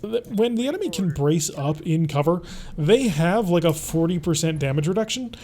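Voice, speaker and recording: A man talking through his game as he plays, relaxed and chatty, thinking aloud. His voice sits a bit high for a man but sounds soft and mellow, never sharp. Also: normal speed. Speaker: host. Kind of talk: let's play gameplay commentary.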